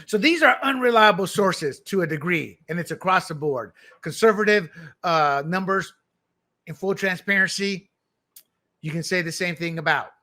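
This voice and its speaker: A man's voice: high-pitched, animated, moderate pace, pushed and bright. A man hosting political commentary, delivering opinions in a combative, emphatic and scornful way.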